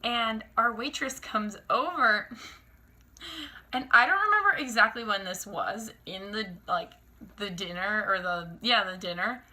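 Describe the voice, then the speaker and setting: A young woman vlogger telling a storytime in a casual, animated, exasperated way, full of fillers. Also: medium pitch, a little slow. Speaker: lifestyle vlogger.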